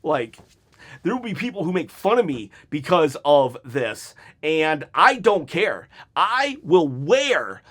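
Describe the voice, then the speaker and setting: A man's voice: fairly high pitch, sing-song, unhurried, a bit bright. A man giving heated, exasperated hot-take commentary on wrestling, with sarcastic mock quotes.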